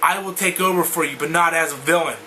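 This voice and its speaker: A man quietly quoting a scheming male supervillain's lines in a lowered voice while retelling a comic. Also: fast, a little hiss or hum. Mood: solemn. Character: scheming male supervillain taking over a hero.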